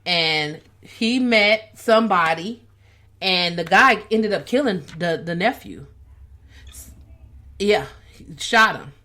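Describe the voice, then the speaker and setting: A woman co-hosting a podcast, telling stories in a chatty, animated way. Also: mid-range voice, takes it slowly, long pauses. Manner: chatty storytelling, animated retelling. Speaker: podcast co-host. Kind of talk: casual chat.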